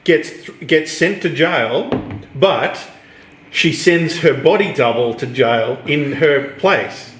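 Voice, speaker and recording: A man's voice: fairly high pitch, slow pace, a little hiss or hum. An Australian man co-hosting a casual chat, telling stories and teasing the others. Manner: animated storyteller, teasing. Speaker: co-host. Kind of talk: casual banter. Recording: roomy echo.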